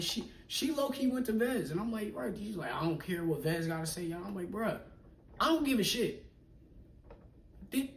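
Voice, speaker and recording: A young man casually telling a personal story in slangy talk, acting out what people said and often dropping to a hush. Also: fairly high pitch. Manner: animated, slangy, acts out quoted people, often drops to a hush. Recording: echoey room, mic at a distance, faint noise.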